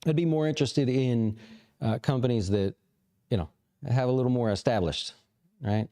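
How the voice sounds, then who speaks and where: A man hosting a casual livestream, answering viewer questions in a relaxed, rambling way with lots of fillers. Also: medium pitch, normal speed. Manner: relaxed, rambling, thinks aloud with many fillers. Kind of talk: casual live chat about investing.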